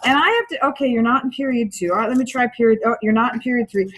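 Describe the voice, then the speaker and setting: A woman teaching a class, telling lively anecdotes and acting out the people in them. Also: a little high, rapid-fire. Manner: animated, acts out anecdotes. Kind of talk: classroom lecture. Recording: echoey classroom from far off.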